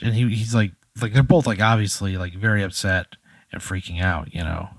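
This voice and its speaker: A man's voice: on the low side, steady tone, a little fast, breathy edge, dry recording. A man casually spinning an improvised scenario, rambling with lots of fillers and laughing at his own jokes. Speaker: host running an improvised scenario.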